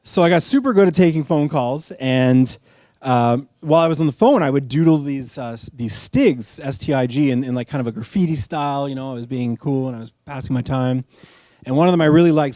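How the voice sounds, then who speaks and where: A man's voice: medium pitch, expressive, a little fast, mellow, no echo, clean studio sound. Candid man telling his life story. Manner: candid, conversational, self-deprecating. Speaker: storyteller at a live event. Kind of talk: personal storytelling talk. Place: live storytelling stage.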